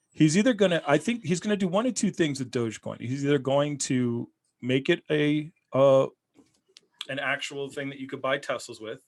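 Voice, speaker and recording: A man hosting a podcast, telling stories in a rambling, animated way during casual chat. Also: mid-range voice.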